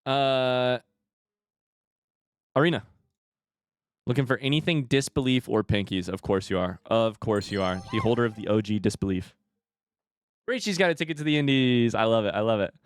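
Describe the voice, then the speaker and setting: A young adult man hosting a casual live stream, talking to chat and swinging from hushed remarks to loud excited outbursts. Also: mid-range voice, moderate pace, long pauses, clear, resonant tone, no echo. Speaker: streamer host.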